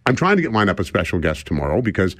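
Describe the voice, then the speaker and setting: An older male radio talk show host chuckles his way through casual, rambling, self-deprecating talk. His deep voice swings widely in pitch and moves very fast, with a slightly bright tone captured on a dry studio microphone.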